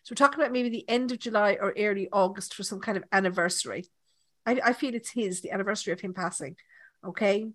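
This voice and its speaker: A woman's voice: medium pitch, fast, dry recording. An Irish woman hosting a live psychic reading, talking at length and checking in often with her listener. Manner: chatty, checks in with "okay?". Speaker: medium, podcast host.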